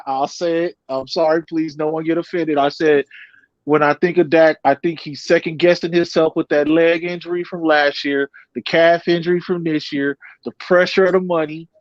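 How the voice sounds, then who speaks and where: A man calling in to a casual sports talk show, heated and profane, with quick apologetic asides. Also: on the high side, fairly even intonation, dry recording, highs cut off.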